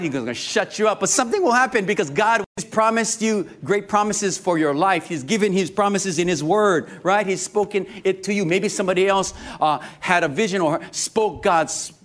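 A man preaching a sermon to a congregation, lively and joking, often asking the crowd questions. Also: high-pitched, normal speed, few pauses. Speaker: pastor.

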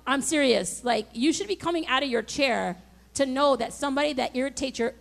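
Woman pastor with a high voice, preaching emphatically with call-and-response. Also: brisk, creaky. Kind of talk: sermon.

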